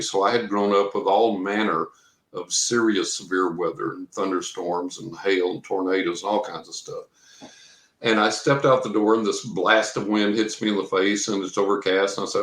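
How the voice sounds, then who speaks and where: Lowish-voiced man telling a story. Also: fairly even intonation, normal speed, a bit bright. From Texas. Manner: rambling storyteller, acts out quotes. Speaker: guest, professional psychic reader. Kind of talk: telling a personal story in an interview. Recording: roomy echo.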